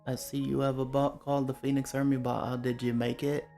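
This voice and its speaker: A man streaming a game, chatting casually and relaxed with his viewers, greeting them by name. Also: medium pitch, fairly quick. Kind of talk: casual live-stream chat while gaming. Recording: faint music behind the voice.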